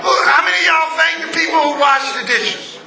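A pastor preaching a sermon to his congregation. He shouts for emphasis, then stretches phrases out slowly. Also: extremely high pitch, vocal fry, heavy background noise. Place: church before a congregation. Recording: echoey church with congregation.

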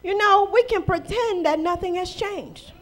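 Woman preacher, very high voice, lively sermon w/ lots of questions, bit of aave. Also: a little slow. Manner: lively preaching with rhetorical questions and playful acted quotes. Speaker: pastor.

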